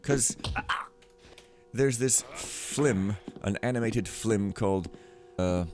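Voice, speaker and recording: Low-voiced man rambling over a game. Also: takes it slowly, faint music behind. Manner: rambling, joking, often quiet and mumbled. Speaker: gameplay commentator. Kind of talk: casual gameplay commentary.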